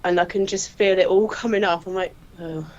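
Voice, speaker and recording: Here the same lively guest, a woman who works crime scenes, speeds things up a bit while recounting job stories, acting out quotes with laughter and energy. Her pitch stays middling, and the podcast sound is somewhat muffled.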